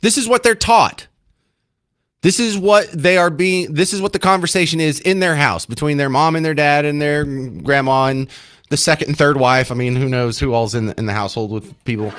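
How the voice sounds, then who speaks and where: A man's voice: medium pitch, a bit bright. A man hosting a talk radio show, giving emphatic, indignant commentary.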